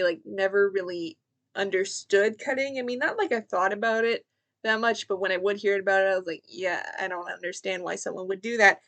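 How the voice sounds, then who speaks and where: A young woman giving a casual book review, thinking aloud with fillers and restarts. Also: mid-range voice.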